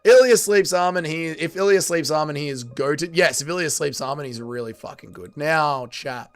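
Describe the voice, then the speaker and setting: A young man with a slightly high voice hosts a casual livestream, reading chat aloud. He jumps from loud bursts to low mumbles in a loose, unscripted way. Faint music plays behind him. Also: expressive, normal speed, few pauses.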